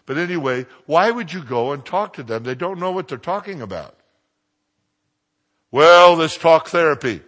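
A man preaching a sermon, joking with his congregation and swinging from quiet asides to loud exclamations. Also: on the high side, big pitch swings, brisk, few pauses.

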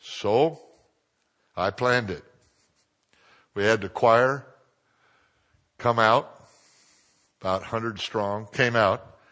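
An older man, a pastor, preaching a sermon through lively stories, with a naturally loud voice that drops to a hush and swells to a boom. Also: very slow, long pauses. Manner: lively anecdotal preaching, swinging from hushed to booming. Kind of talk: sermon storytelling.

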